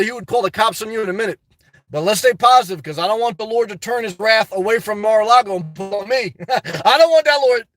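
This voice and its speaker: High-voiced, joking male live-streamer. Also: pushed and bright, dry recording. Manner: joking, laughs often, fillers like "man" and "guys". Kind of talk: rambling live-stream chat, reading comments. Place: inside a parked car.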